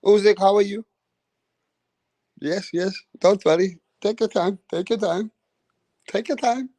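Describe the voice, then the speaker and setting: A man mocking a fawning, hushed boxing referee. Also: high voice, measured pace, dry recording. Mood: coaxing. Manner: hushed, coaxing, mock-gentle. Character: fawning, overly soothing male boxing referee.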